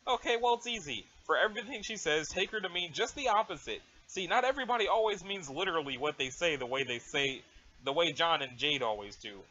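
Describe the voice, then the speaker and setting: A man voicing a cocky, deadpan teenage boy who talks in swaggering slang, on a dull lo-fi mic. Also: a little high, brisk, a little hiss or hum.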